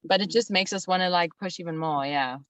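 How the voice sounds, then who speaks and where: A woman's voice: fairly low pitch, a little fast, fairly bright tone, dry recording. A woman from South Africa, a musician guest in a casual interview, talking frankly with swearing and many "like"s.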